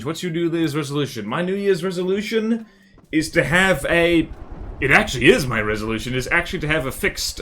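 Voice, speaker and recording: A man's voice: medium pitch, fairly bright tone. A man with an Australian accent chatting casually and joking as he streams a game. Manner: chatty, jokey, quick to laugh. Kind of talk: casual live-stream chat over gameplay.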